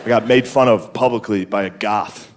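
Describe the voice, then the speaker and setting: A man's voice: on the low side, normal speed. A male stand-up comedian telling a rambling story, often laughing through his lines. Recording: live club recording with audience and noise. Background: audience.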